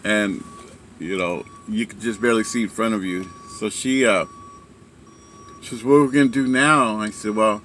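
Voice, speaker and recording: Man in a casual storytelling talk, rambling delivery, bright tone, faint background hum. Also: on the low side, steady tone, normal speed. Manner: rambling, many fillers and restarts. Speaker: speaker sharing a story.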